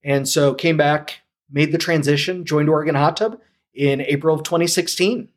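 A man from St. Louis telling his story as a podcast guest, animated and acting out the lines of people he quotes. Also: a little high, normal speed. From St. Louis, USA. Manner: animated, acts out quoted dialogue. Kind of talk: casual storytelling.

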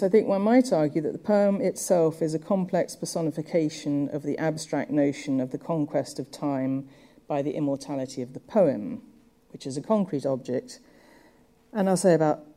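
Low, dark-voiced woman lecturing on poetry. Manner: measured, thoughtful, with occasional fillers. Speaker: literature lecturer.

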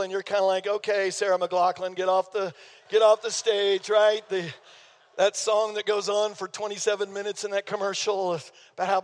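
An older man, preaching a sermon as pastor in a folksy, playful way. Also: high voice. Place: church sanctuary. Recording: long reverb of a church hall.

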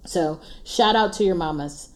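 Unhurried and lowish in pitch, a woman in her 40s hosts a casual, encouraging faith podcast monologue, often laughing and circling back to repeated refrains.

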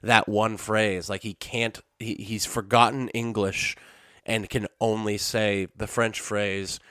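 A man's voice: fairly low pitch, little pitch movement, takes it slowly, a bit bright, smooth, no echo, studio quality. A man hosting his own podcast, talking casually and sarcastically in a rambling way, with sudden silly outbursts. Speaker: podcast host. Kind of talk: casual solo commentary.

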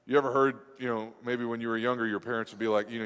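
A man's voice: mid-range voice, fast talker, hardly any pauses, fairly bright tone, smooth, big-room sound. A man preaching a sermon as pastor, in a conversational, rambling way with many restarts and asides.

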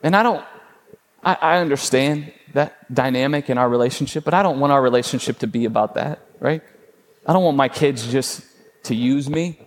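A man, a father in his thirties or forties, preaching a sermon as a pastor in a relaxed storytelling way, often checking in with "right?". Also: medium pitch, normal speed. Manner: conversational, storytelling with frequent "right?".

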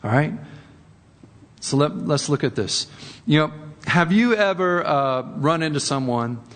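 A man's voice: fairly high pitch, expressive, a little slow, long reverb tail. A man preaching a sermon in a conversational way, often repeating words and rising for emphasis. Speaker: pastor.

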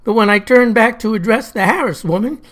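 A woman's voice: fairly high pitch, fairly quick. Woman storyteller, folksy old-timey phrasing, comic tale. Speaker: narrator. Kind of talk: comic first-person storytelling.

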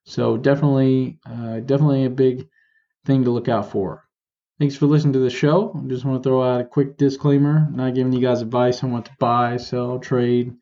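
A man's voice: mid-range voice, level tone, fairly quick, dark tone, highs cut off. A young man hosting a podcast, ranting in a frustrated, exasperated way and correcting himself as he goes. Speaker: podcast host. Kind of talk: casual ranting commentary.

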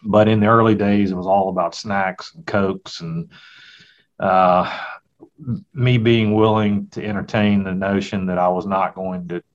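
A man's voice: deep voice, fairly even intonation, unhurried. A middle-aged man, a hunter and father, telling a folksy, reflective story in a casual conversation. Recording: dull, lo-fi sound.

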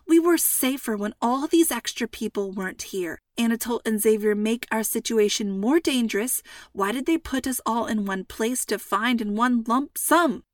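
A jittery middle-aged mother frets in a voice pushed up higher and louder than the reader's own. A woman reads her part in a storybook. The sound is dry and close. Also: normal speed, few pauses, no room sound, natural voice. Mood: worried. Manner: worried, high-strung.

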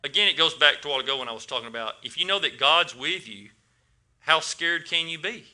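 A man's voice: on the high side, lively intonation, fast, pushed and bright. A man preaching a casual sermon to a congregation, asking them questions and often repeating his words.

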